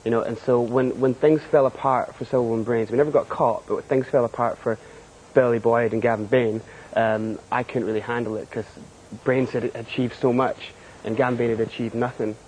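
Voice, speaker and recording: A man's voice: medium pitch, steady tone, a little fast, a little mellow, slight background noise, rough recording. A young man from Scotland with a Scottish accent, a guest on a TV studio interview, candid and filler-heavy, laughing often.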